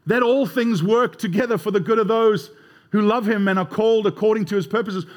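A man preaching a sermon as pastor, emphatic and conversational, often repeating words. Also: high-pitched.

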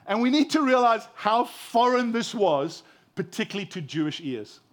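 A man in his forties preaching a sermon as a pastor, impassioned, dropping from loud emphasis to hushed tenderness and repeating words as he builds a point. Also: extremely high pitch, lively intonation, moderate pace.

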